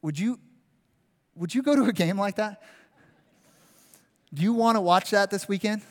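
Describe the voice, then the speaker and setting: Preaching man with a high-ish voice. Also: moderate pace. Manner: animated preaching, acting out crowd voices. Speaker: pastor. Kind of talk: sermon. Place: church sanctuary. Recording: long reverb of a large hall.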